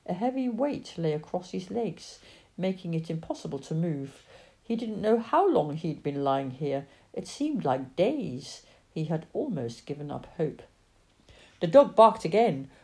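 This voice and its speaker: Expressive woman reading a children's story. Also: lowish voice, a little slow, vocal fry. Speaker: narrator.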